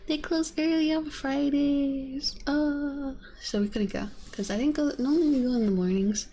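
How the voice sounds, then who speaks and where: Woman ASMR streamer, mellow gravelly voice, rambly soft chat with some whispering into a binaural mic. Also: sits high, moderate pace, hardly any pauses, a little hiss or hum. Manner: rambling and chatty, with many fillers. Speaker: VTuber streamer. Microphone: binaural ASMR microphone.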